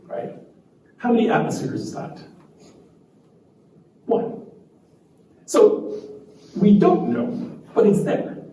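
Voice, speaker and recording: A man giving an animated live talk to a group, laughing often and acting out quotes. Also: sits high, slow, pauses often. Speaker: meetup speaker. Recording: echoey room from far off, faint noise.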